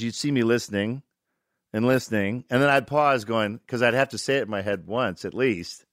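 A man's voice: medium pitch, normal speed, dry recording. Older guy spinning wild set stories, does all the voices, dry close sound. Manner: animated, acts out quotes, profane. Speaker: actor telling set stories. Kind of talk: casual storytelling chat.

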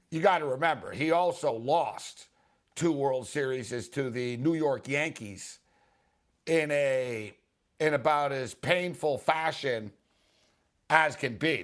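A man hosting a sports talk show, telling stories in a rambling, excitable way. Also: mid-range voice. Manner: rambling, excitable storytelling with laughs and acted quotes. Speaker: sports radio host.

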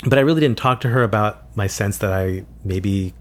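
A man with a fairly low voice talks through his experiences in an interview. He is reflective and unhurried, stopping and restarting his sentences as he searches for the right words. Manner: thoughtful, halting, with frequent restarts. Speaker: author guest.

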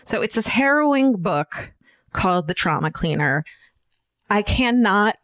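A woman co-hosting a podcast in casual chat, animated and swearing freely. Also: fairly low pitch, no room sound, clean studio sound. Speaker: podcast co-host.

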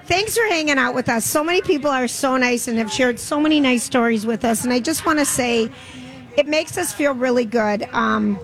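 A woman's voice: high-pitched, moderate pace, low-quality recording. A woman co-hosting a radio show, chatting casually and teasing her co-host. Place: fair broadcast booth.

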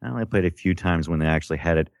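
A man co-hosting a casual gaming podcast, rambling and animated, acting out quotes as he tells stories. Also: deep voice, racing, vocal fry, no room sound, studio quality. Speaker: podcast co-host.

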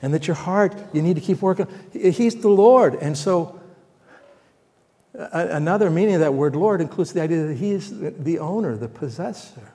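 Man preaching a sermon, conversational, asks the room questions, mellow tone, long hall reverb. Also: fairly high pitch, moderate pace. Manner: conversational preaching, asks the congregation questions, swells louder for emphasis. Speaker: pastor.

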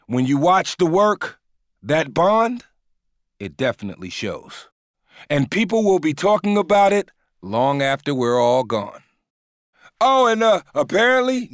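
A man's voice: high voice, no echo, clean studio sound. A man hosting a podcast, narrating between clips in a casual, slangy way. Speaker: podcast host.

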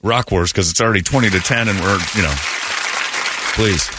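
An American man hosting a morning radio show, rambling and joking with quick asides into a studio microphone. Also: lowish voice, sharp tone, slightly rough, some chatter behind.

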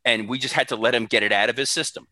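A man's voice: mid-range voice, very fast, no echo. A man in his thirties co-hosting a podcast, telling stories with acted-out quotes and swearing freely. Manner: animated anecdote-teller, acts out quotes, swears freely. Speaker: podcast co-host. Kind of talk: casual chat, storytelling.

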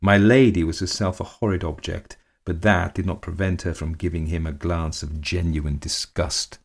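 Male narrator, very low voice, measured dramatic storyteller for a period tale. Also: steady tone, gravelly, husky.

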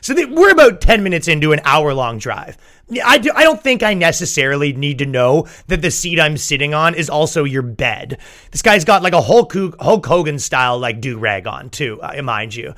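A man telling stories on a comedy podcast with an animated, exasperated delivery. His voice is bright and sharp, and it sits fairly high for a man. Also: moderate pace. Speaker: podcast host. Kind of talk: comedic storytelling.

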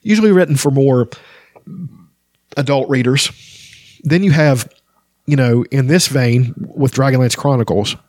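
A man's voice: medium pitch, measured pace, pauses often, a little mellow, no room sound, studio quality. A man casually talking through a book he is reading, with frequent filler words. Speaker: book reviewer.

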